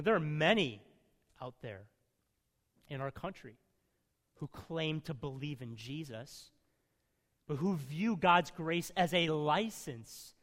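A man preaching a sermon, emphatic, swinging from loud stresses to quiet asides. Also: a little high, big-room sound.

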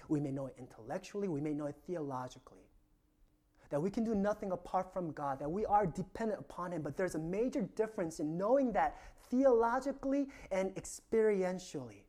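A male pastor delivers a sermon with an earnest, reflective manner. His voice is mellow and warm, rising for emphasis and then sinking to a soft, near-whispered hush as phrases close. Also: sits high, expressive, brisk.

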